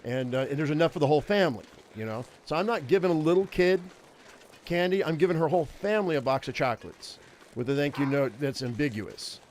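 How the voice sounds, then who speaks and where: A man's voice: a little high, lively intonation, quick pace, darkish tone, slight background noise. A man in his fifties, a game streamer telling a rambling personal story in casual chat. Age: 50s. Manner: rambling, chatty anecdote-teller.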